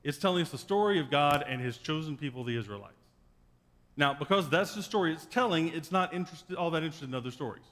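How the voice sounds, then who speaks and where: A male pastor preaches in a wry, joking storyteller's way, his voice pitched a little high for a man. A long reverb from the church sanctuary trails every phrase. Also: lively intonation, fast talker, fairly bright tone. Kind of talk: sermon.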